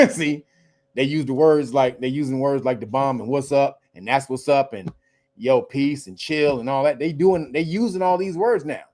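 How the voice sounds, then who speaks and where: A male show host in casual livestream commentary, animated and profane, laughing often between his points. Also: medium pitch, moderate pace.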